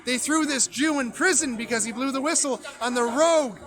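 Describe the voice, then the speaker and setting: A man giving a loud, emphatic political speech outdoors on a street, his voice strained. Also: very high-pitched, brisk. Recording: crowd noise behind an outdoor stream.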